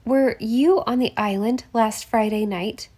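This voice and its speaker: A woman's voice: a little high, a little slow, mellow. Woman voicing a polite young sleuth. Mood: probing. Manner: politely persistent questioning. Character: young woman amateur detective, polite and probing. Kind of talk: audiobook character voice.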